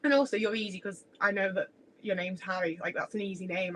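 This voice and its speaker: A young woman talking on a relaxed home livestream, her words wandering from one thought to the next. She swears freely and pokes fun at herself, and her voice sits at an ordinary middle pitch. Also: brisk, slight background noise, rough recording. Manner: rambling, sweary, self-deprecating. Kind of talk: casual livestream chat. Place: home kitchen.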